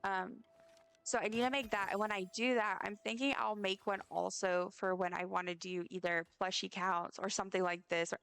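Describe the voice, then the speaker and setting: A young woman talks to her live chat while she plays, rambling from one thought to the next. Her voice is smooth and clear, with a gravelly fry running under her words. Faint music plays behind her. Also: medium pitch, steady tone, moderate pace, fairly bright tone, no echo. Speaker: game streamer. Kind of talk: casual live-stream chat while playing.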